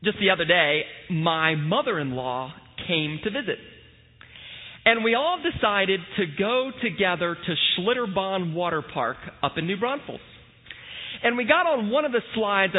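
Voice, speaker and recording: A male pastor preaching a sermon in a church, telling a story with lively energy and the occasional "uh.". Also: sits high. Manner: storytelling, animated, with frequent filler "uh". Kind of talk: sermon with scripture reading. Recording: tinny phone-like sound in a reverberant hall.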